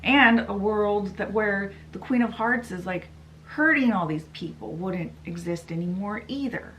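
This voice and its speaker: A woman's voice: medium pitch, measured pace, a bit bright, dull audio, a little hiss or hum, close to an everyday voice. A woman voicing a sad male rabbit in an everyday retelling voice. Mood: earnest. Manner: plain retelling voice.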